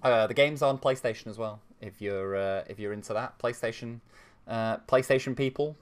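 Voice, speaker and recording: A man's voice: mid-range voice, normal speed. A man hosting a chess livestream, chatty and joking, with lots of fillers. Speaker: stream host.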